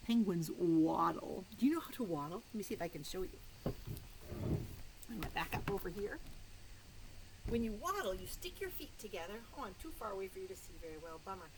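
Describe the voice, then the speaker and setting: A woman's voice: mid-range voice, big pitch swings, moderate pace, long pauses, background noise. A woman teacher reading a picture book aloud to small children, playful and coaxing, dropping to a whisper for the riddle clues. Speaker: preschool teacher.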